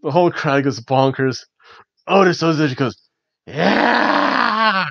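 A man hosting a casual wrestling review, chatty and animated with lots of fillers. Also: medium pitch, moderate pace, no room sound. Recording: dull, dry lo-fi recording.

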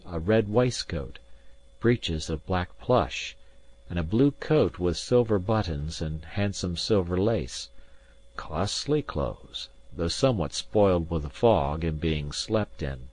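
A man narrating a classic novel as an audiobook in a steady, measured reading. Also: low-pitched. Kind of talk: scripted narration.

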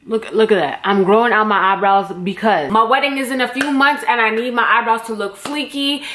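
A young woman vlogging from her home, her Jamaican-tinged accent running through a rambling, blunt, often profane chat. Her voice sits a little high and sounds crisp and forceful. The room around her rings with a clear echo. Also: fairly quick. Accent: Jamaican-tinged English. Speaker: YouTuber. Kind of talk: casual direct-to-camera vlog. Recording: echoey room.

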